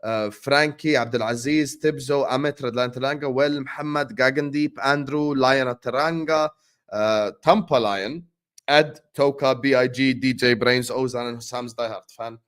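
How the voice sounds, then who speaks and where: A man hosting a casual football livestream, thanking viewers by name in an excited, chatty way. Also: medium pitch, moderate pace, clean tone. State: sleepy, yawning. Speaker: host.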